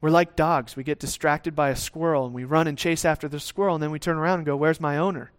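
Man, pastor, sermon, fairly high voice, chatty preaching, acts out lines. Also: steady tone, quick pace, smooth. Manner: tag questions, some restarts.

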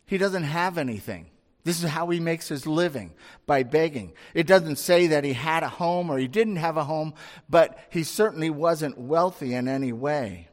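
A man's voice: a little high, normal speed. A male preacher giving a conversational sermon, often asking rhetorical questions. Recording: long hall reverb.

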